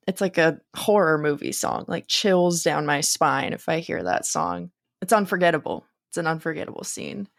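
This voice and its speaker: A woman co-hosting a casual film podcast, reacting in an expressive, exclamatory way. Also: fairly low pitch, gravelly, dry recording, studio quality. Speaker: podcast co-host.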